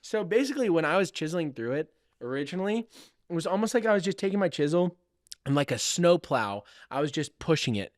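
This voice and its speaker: A man's voice: fairly high pitch, sing-song, quick pace, dry recording, studio quality. A young man, a woodworking student, animatedly telling a story in a casual podcast chat and laughing often between sentences.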